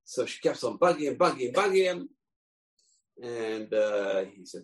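Gravelly male teacher, animated storyteller, voices each character. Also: on the low side, normal speed, rough recording. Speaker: Torah teacher. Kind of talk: storytelling lesson.

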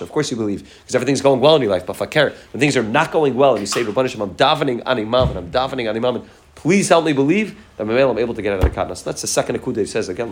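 A man teaching a Torah class at a very fast clip. His voice sits at a middle pitch, and he circles back on his phrases over and over. Hebrew and Yiddish terms run all through his English.

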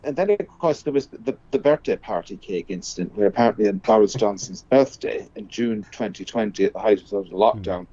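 A man giving political commentary as a radio guest, talking haltingly with many restarts. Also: on the low side, warm tone, dry recording, dull audio.

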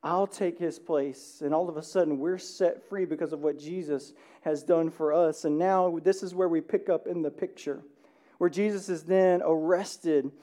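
A man pastor preaching a sermon, animated, swinging between loud emphasis and hushed passages, often asking the room "right?". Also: a little high, normal speed. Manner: conversational, asks the room "right?".

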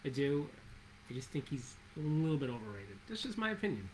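A woman's voice: a bass voice, sing-song, a little fast, a little mellow, slight background noise, rough recording. A woman co-hosting casual chat, playful, laughing often and guessing trivia answers. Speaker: co-host.

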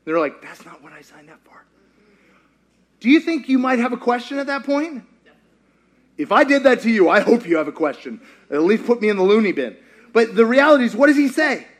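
A male pastor preaching a sermon in a lively, joking way, acting out scenes as he goes. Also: very high-pitched, a little fast. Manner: animated, joking, acts out scenes.

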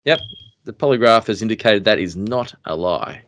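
A man's voice: fairly low pitch, animated, normal speed, a bit bright, a little hiss or hum. A man hosting a fishing podcast, teasing his guest with jokes and long rambling setups. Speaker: podcast host. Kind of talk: casual podcast interview.

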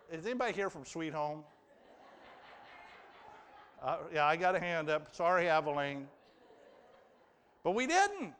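A man's voice: a little high, fairly bright tone. A man preaching a sermon in a conversational way, asking the congregation questions and acting out the people in the story. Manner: conversational, asks the congregation questions, acts out quotes. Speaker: pastor. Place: church hall with an audience. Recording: long hall reverb.

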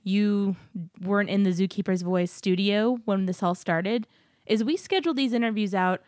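A woman's voice: medium pitch, normal speed, darkish tone, no room sound, clean studio sound. A woman co-hosting a podcast in casual chat, talking in an upbeat way and laughing often as she talks. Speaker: podcast co-host. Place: new apartment studio.

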